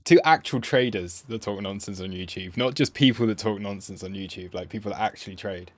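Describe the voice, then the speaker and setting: A man's voice: lowish voice, brisk, no echo. A man hosting a casual live stream about crypto trading, rambling and self-mocking as he reads the chat aloud.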